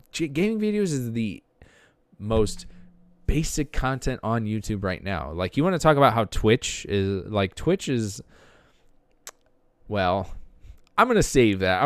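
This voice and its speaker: A man with a fairly low, smooth voice hosts a podcast and rambles casually. He talks in loose, unscripted commentary full of fillers and restarts. The sound is close and dry. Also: very animated, unhurried, no room sound. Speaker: podcast host. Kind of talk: casual commentary while browsing videos.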